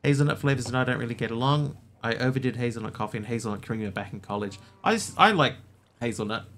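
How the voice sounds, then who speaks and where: Bright-voiced man streaming a game. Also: mid-range voice, quick pace. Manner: rambling, jokey, mock-pretentious pronunciations. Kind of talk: casual gameplay commentary.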